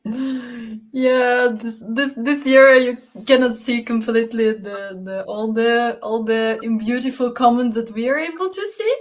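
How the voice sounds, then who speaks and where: Higher-voiced woman hosting an online event. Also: measured pace. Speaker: event host.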